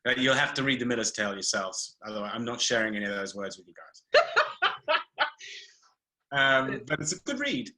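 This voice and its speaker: A man's voice: mid-range voice, sing-song, brisk, pauses often, pushed and bright, rough recording. A man hosting a casual live video call chat, laughing often, chatty and playful.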